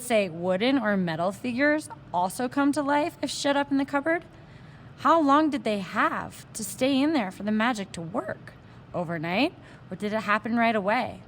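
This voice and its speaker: A woman's voice: mid-range voice, fairly bright tone, slight background noise. A woman reading a children's novel aloud, with the odd aside and slip. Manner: plain read-aloud with small asides and slips. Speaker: reader.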